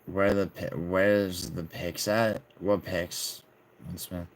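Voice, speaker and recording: A male streamer with a very low voice chats loosely with his viewers. He banters and swears freely as he reads their messages aloud. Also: level tone, slow. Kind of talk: casual livestream chat reading viewers' messages.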